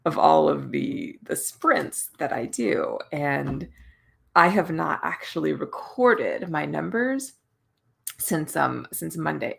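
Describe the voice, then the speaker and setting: A tired, yawning woman hosting an early-morning writing livestream, chatting casually with many restarts and soft laughs. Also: deep voice, vocal fry. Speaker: livestream host running writing sprints. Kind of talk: casual live stream chat.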